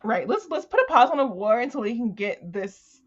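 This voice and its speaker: A woman's voice: on the high side, fairly quick. A woman co-hosting a podcast, chatting casually about a book and animatedly acting out the characters as she retells scenes. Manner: animated, acts out character voices while retelling. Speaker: podcast co-host. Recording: dull lo-fi sound.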